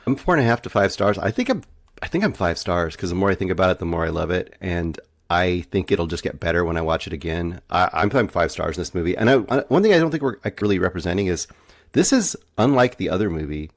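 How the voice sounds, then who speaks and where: Man, podcast co-host, very deep voice, casual film talk, thoughtful. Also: lively intonation, fast. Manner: thoughtful, laughs easily. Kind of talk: casual movie review chat.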